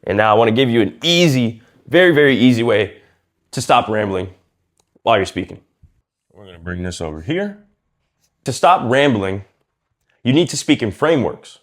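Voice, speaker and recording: A man coaching viewers on speaking, casual and lively, acting out quiet and loud ways of talking and using slang as he goes. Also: mid-range voice, normal speed, pauses often. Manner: lively and demonstrative, acts out quiet and loud speech. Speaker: communication coach. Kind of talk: casual instructional talk to camera.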